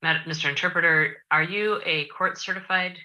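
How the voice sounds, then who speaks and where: A woman serving as a judge, speaking formally and at a measured pace as she runs court proceedings. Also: on the low side, pushed and bright, highs cut off, slight background noise.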